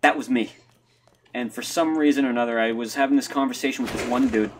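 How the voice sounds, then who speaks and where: A man live streaming a game, rambling through a story in a casual chat with restarts and sudden loud, high exclamations. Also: fairly even intonation, normal speed, a little hiss or hum. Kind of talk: casual chat while gaming.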